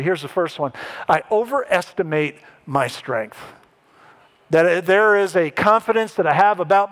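A man preaching a sermon as pastor, animated and lifting his voice when he acts out what others said. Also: sits high. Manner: animated preaching, voice rising to act out quoted speech.

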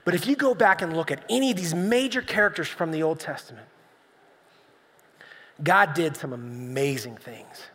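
A man's voice: on the high side, normal speed, pushed and bright. A man preaching a sermon on a church stage, conversational and storytelling, acting out voices with humor. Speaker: pastor. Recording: long reverb of a church hall.

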